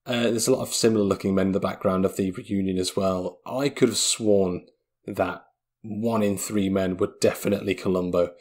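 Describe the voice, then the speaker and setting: A man hosting a comedic film review podcast, talking in an excitable, rambling way full of comic exaggeration. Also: low-pitched, normal speed. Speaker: podcast host.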